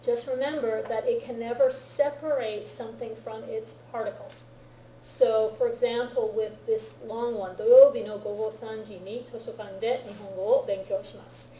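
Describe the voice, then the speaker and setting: Mellow-voiced woman teaching in an echoey classroom. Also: a little high, steady tone, moderate pace, a little hiss or hum. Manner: checks understanding often with "right?" and "okay?". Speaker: Japanese language teacher. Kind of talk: classroom grammar lecture. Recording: roomy classroom echo.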